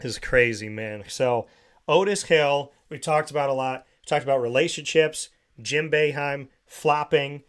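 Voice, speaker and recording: A man's voice: mid-range voice, unhurried, smooth. A man hosting a sports talk show, telling a story in casual chat and acting out the voices of the people in it. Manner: animated storyteller, acts out quoted voices. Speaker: show host. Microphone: studio microphone.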